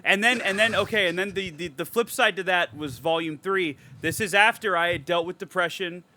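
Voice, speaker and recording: Bright-voiced excitable podcast guy. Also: high-pitched, fairly quick. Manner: animated, profane, emotional storytelling. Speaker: podcast co-host. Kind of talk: casual podcast chat.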